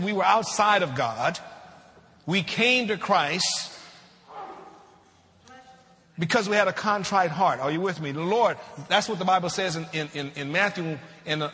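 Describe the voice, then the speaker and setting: A man preaching a sermon, asking the congregation questions and slowing down to draw out scripture verses. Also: sits high, bright, forceful tone, long reverb tail. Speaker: pastor.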